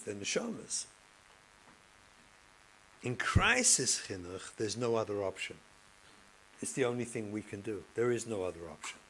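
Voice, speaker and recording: Passionate rabbi lecturing educators. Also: male voice, fairly low pitch, a little hiss or hum, poor audio. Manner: passionate, acts out classroom scenes, swings between loud and hushed.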